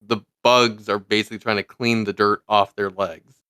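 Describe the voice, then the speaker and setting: A man's voice: fairly low pitch, little pitch movement, sharp tone, clean tone, no room sound, studio quality. A man co-hosting a casual podcast, joking and teasing as he chats. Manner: joking, quick to riff and tease. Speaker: podcast co-host.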